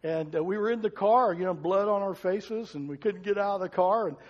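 An older man preaching a sermon, telling stories with emphatic swells and soft asides. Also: high voice, fairly quick, big-room sound, highs cut off. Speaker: pastor.

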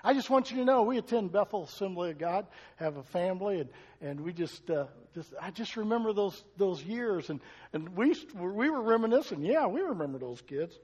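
High-voiced older preacher in a reverberant church. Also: male voice, lively intonation, fairly quick, breathy edge. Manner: storytelling, emphatic with soft asides. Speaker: pastor. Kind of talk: sermon.

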